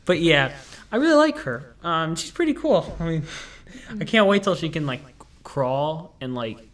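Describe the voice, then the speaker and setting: A young man hosts a casual podcast, his voice sitting a little higher than most men's. He rambles through jokey stories, full of fillers and restarts. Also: big pitch swings, normal speed. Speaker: podcast host. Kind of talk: casual chat.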